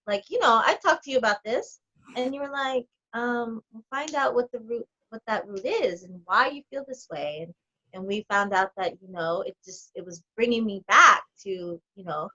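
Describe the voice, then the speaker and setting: A woman's voice: medium pitch, muffled recording. A woman talking casually as a podcast guest about her coaching sessions, telling stories animatedly and filling gaps with lots of "you know" and "like.". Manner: animated storyteller, heavy on fillers. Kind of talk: casual chat.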